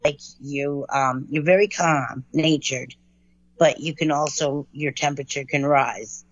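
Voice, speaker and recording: A woman's voice: low-pitched, a little slow, no room sound. A woman hosting an interview show, upbeat and encouraging toward her guest, on a dry, dull lo-fi recording. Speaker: show host. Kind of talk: casual interview chat.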